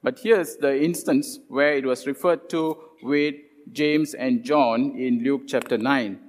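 A man preaching a sermon, retelling scripture stories with lively quoted voices and many "uh" fillers. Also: medium pitch, takes it slowly. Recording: long hall reverb.

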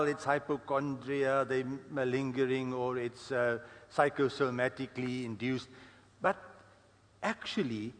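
A man's voice: medium pitch, a bit bright, in a large hall. A man preaching a sermon in a conversational storytelling way, with frequent fillers. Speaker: guest preacher.

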